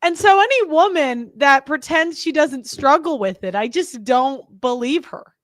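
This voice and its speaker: Young woman host, high voice, close dry mic, blunt and rambling with fillers. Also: expressive, measured pace, dry recording. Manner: chatty, rambling, blunt, many fillers and restarts. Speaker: podcast host. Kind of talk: casual opinionated monologue.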